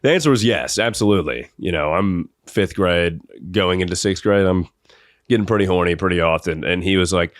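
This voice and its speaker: A young man with a somewhat low voice tells a funny story on his podcast. He rambles and laughs as he talks, recorded close up on a dry mic. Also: a little fast, no echo. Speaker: podcast host. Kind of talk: comedic storytelling.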